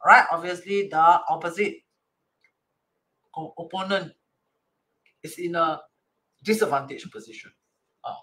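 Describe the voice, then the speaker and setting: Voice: medium pitch, measured pace, pauses often, pushed and bright. A teacher with a Singaporean English accent, explaining a divination chart reading, acting out quoted dialogue, slipping in Chinese and Hokkien words, and often checking in with "right?".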